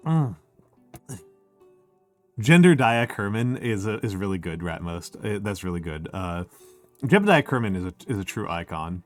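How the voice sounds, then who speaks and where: A man livestreaming a casual chat, rambling and wry, who restarts his sentences and says he is short on sleep. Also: sits low. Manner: rambling and self-interrupting, with many fillers and restarts; wry and joking. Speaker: streamer.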